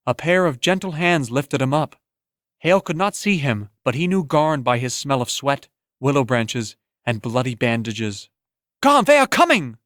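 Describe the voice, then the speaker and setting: A man's voice: medium pitch, normal speed, no room sound. Man narrating an audiobook in a dry, close voice. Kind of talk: scripted narration.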